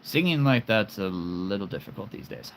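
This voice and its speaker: This is a fairly low-pitched man in his forties whose voice swings widely in pitch at a normal speed. He hosts a live stream, chatting casually and playfully about his collection and rambling with chuckles and puns. A little hiss or hum can be heard.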